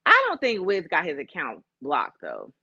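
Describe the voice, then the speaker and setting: A woman's voice: sits low, huge pitch swings, normal speed, pushed and bright, husky, no echo, dull audio. A woman from Chicago co-hosting a casual chat, candid and profane, laughing through her stories. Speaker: podcast co-host.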